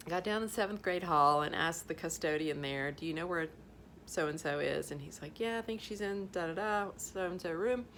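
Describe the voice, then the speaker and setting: In a casual vlog, a middle-aged woman with a lowish, slightly bright voice speaks at normal speed, telling a moving story about school. She laughs, tears up, and imitates the voices of the people she quotes; a little hiss or hum sits under the recording.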